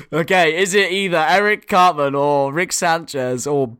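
A man's voice: fairly high pitch, fairly even intonation, a little slow, fairly bright tone, smooth. A man hosting a casual podcast quiz, laughing often and swearing casually. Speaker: quiz host.

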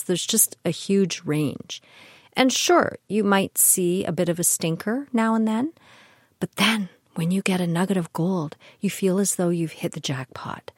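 A woman's voice: lowish voice, dry recording, clean studio sound. An older woman, a grandmother, telling personal stories in a chatty, candid and reflective monologue. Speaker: podcast host.

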